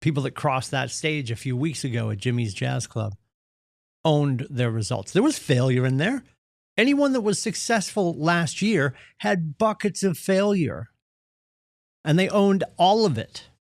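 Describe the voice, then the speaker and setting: Recorded in studio quality with no room sound, a man with a highish, animated voice and vocal fry speaks a little slowly. As a real estate team leader opening the morning meeting, he gives an earnest, punchy motivational speech, performing the excuses people tend to make.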